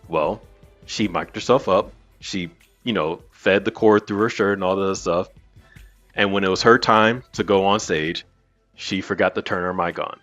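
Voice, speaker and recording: A man hosting a podcast, telling a story in an animated, casual way and swearing freely. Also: sits low, moderate pace. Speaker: podcast host. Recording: muffled with faint music.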